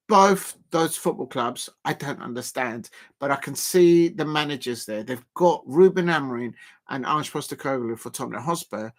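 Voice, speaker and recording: A young man chatting excitably through a live football watch-along stream, rambling with lots of ums and uhs. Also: on the high side.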